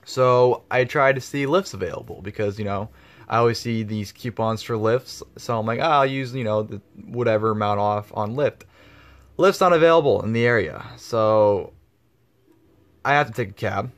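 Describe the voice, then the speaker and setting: Man, slightly low voice, casual vlog storytelling, rambling, lots of swearing. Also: moderate pace. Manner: rambling, swears freely, many fillers. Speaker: vlogger.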